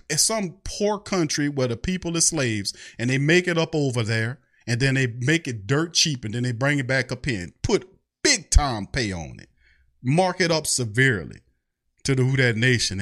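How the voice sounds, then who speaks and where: A man's voice: medium pitch, fairly bright tone. A man hosting a fan show, ranting in an angry, profane way. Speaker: sports fan show host. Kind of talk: heated fan rant.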